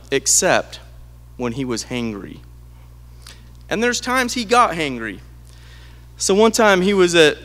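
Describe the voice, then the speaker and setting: Man telling stories in a big echoing hall. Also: fairly high pitch. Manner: animated, acts out quoted voices. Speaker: eulogist. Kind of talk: storytelling at a memorial. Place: large hall at a memorial gathering.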